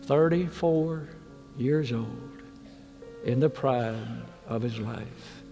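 A man's voice: mid-range voice, soft background music. Earnest preacher man pleading in a reverberant church. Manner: earnest, pleading, drops soft and slow on key words. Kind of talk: sermon with altar call. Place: large church with balcony.

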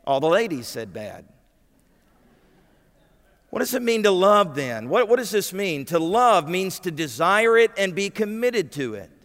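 A man's voice: high-pitched, sing-song, unhurried, a bit bright, big-room sound. A man preaching a sermon, emphatic and putting questions to his congregation. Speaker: pastor. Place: church sanctuary.

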